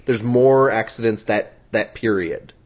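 A man's voice: lowish voice, unhurried. A man co-hosting a podcast, explaining a news item in chatty, rambling casual talk. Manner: chatty, explains at length with fillers. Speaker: podcast co-host. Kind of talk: casual chat. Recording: dull lo-fi podcast audio.

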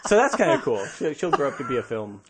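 A man's voice: medium pitch, slightly rough. Joking male podcast co-host. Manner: jokey, laughs often, trails off and restarts. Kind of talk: casual chat.

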